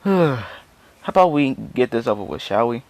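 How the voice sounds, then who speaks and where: A man's voice: medium pitch, normal speed, creaky, lightly acted. A man playing a smug, laid-back young dragon warrior. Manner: laid-back, teasing confidence. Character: cocky, unbothered young male dragon fighter.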